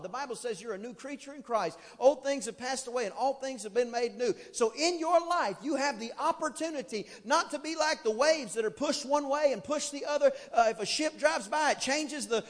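A man preaching a sermon as pastor, fervent and building to shouted emphasis, with drawn-out dramatic phrasing. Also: extremely high pitch, long reverb tail. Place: church sanctuary.

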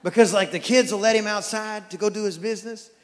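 A man from East Texas with an East Texas accent preaching a sermon as pastor, telling stories with animated, stammering restarts. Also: high-pitched, quick pace, in a large hall. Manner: animated storytelling with repeated restarts.

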